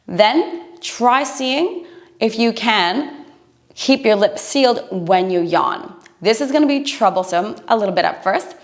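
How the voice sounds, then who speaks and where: A woman's voice: on the high side, lively intonation, measured pace. Encouraging woman breathing coach. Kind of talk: instructional talk to camera.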